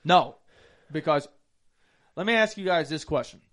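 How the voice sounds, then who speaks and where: A man in casual podcast chat, talking with a fairly high voice. He is profane and emphatic, repeating words to drive his point home. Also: animated, normal speed, a bit bright. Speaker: podcast co-host reviewing a movie.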